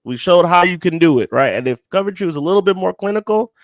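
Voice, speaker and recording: A man's voice: high voice, expressive, quick pace, dry recording. Blunt man talking football, dry sound. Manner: blunt, conversational, hypotheticals to the listener. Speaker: co-host. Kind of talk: casual sports talk.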